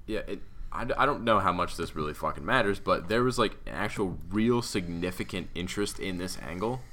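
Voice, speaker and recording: Male co-host, very low voice with a bright edge, profane and excitable, faint background hiss. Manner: profane, excitable, quick to laugh. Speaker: podcast co-host. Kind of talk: casual wrestling chat.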